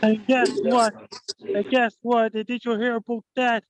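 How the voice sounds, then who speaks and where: A man guest in a casual chat, speaking flatly and listing things in a steady rhythm. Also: very high voice, measured pace, over a noisy crowd. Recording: dull dry remote call audio.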